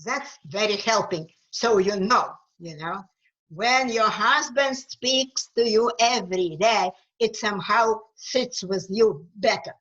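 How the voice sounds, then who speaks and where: Woman, East European accent, unhurried delivery, muffled online-call sound. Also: medium pitch, a bit bright. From Ukraine. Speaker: author and guest speaker. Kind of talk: webinar talk.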